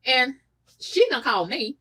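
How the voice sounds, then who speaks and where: A woman vlogger telling a story in a casual rant, animated, profane and indignant, with a husky voice. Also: high-pitched, normal speed, low-quality recording.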